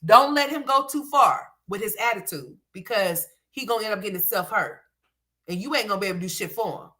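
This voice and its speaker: Blunt, profane woman scolding with a bright voice. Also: medium pitch, lively intonation, fast. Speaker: commentary host. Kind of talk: reaction commentary.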